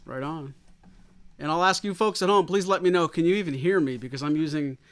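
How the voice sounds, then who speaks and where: A man's voice: on the high side, brisk, a bit bright, smooth. A man hosting a music livestream on an old microphone, upbeat and chatty, talking straight to viewers. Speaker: host. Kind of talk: casual livestream chat.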